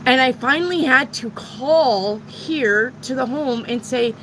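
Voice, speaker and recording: Bright-voiced woman telling a story frankly. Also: high-pitched, unhurried, slight background noise, rough recording. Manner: frank and profane, rambling retelling. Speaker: tarot reader. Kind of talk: casual personal storytelling.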